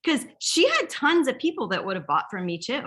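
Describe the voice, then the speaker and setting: Woman, bright clear voice, chatty, rambling, motivational team talk. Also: high-pitched, big pitch swings, brisk. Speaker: direct sales team leader.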